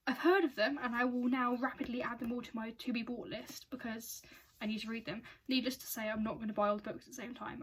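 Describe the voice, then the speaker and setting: Twenties girl unboxing books, gushy and self-mocking, slightly high husky voice. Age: 20s. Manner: gushing, self-mocking, quick to squeal with excitement. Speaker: book unboxing vlogger. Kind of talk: excitable casual unboxing chat.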